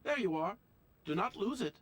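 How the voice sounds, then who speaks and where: A man's voice: sits high, big pitch swings, normal speed, fairly bright tone, slight background noise. An actor playing a formal, officious male automaton notary clerk in a video game. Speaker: game character.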